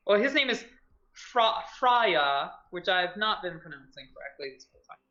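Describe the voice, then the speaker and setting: A woman's voice: fairly low pitch, big pitch swings, a little fast, sharp tone, dull audio. An American woman running a tabletop game as game master, narrating in a rambling way full of fillers. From United States.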